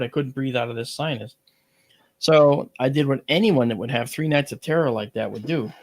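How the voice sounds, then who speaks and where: Gravelly man telling a story. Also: mid-range voice. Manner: lively, rambling delivery with many fillers and restarts. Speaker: radio show guest. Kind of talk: animated personal storytelling.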